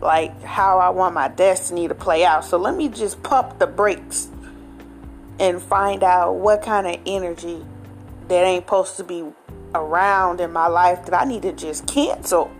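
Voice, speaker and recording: A woman vlogger talking straight to her viewers in a casual, animated, slang-filled way, often tagging lines with "okay?". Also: fairly low pitch, measured pace, soft background music. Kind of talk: casual direct-to-camera chat.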